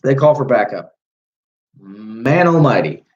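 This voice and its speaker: A man's voice: mid-range voice, big pitch swings, takes it slowly, a little mellow, dull audio. A young man hosting a livestream, telling a long story casually with plenty of swearing and mid-sentence corrections. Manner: rambling, profane, self-correcting. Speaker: livestream host.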